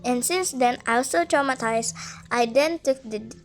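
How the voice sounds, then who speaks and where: A woman reading a creepypasta story aloud, halting and stumbling with frequent restarts. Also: high voice.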